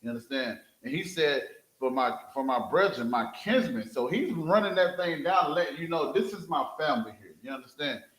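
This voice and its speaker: A man's voice: on the high side, normal speed. Preacher, male, leads a scripture reading in an echoey room, keeps checking his listeners follow. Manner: calls for verses, repeats "you understand?", animated. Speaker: street preacher teaching scripture. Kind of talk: scripture teaching with a reader.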